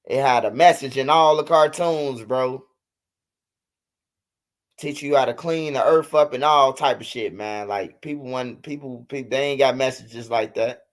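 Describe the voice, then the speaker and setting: A man in his thirties hosts a livestream, speaking unhurriedly in a medium pitch. His casual chat is loose and full of profanity.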